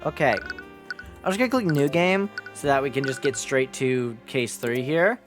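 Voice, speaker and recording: A woman's voice: very deep voice, animated, music in the background. A young woman streaming a game live, chatting casually, swearing and poking fun at herself. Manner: chatty, swearing, self-mocking, quick laughs.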